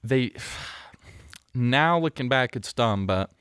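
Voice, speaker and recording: A man's voice: medium pitch, expressive, takes it slowly, a bit bright, smooth, no echo, studio quality. A young man hosting a podcast, telling a rambling story in a casual chat, with lots of fillers and restarts. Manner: rambling, self-correcting, with many fillers. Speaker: podcast host. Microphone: studio mic close up.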